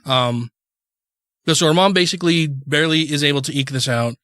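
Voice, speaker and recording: A man's voice: a little high, a little fast, fairly bright tone, dry recording, clean studio sound. Rambling man telling a story on a podcast. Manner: rambling, many restarts and "you know"s. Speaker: podcast co-host. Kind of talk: casual storytelling.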